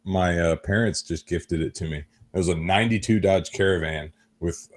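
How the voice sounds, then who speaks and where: A man's voice: sits low, moderate pace. A man in his thirties telling rambling stories on a podcast, swearing freely. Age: 30s. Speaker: podcast host. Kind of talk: casual chat.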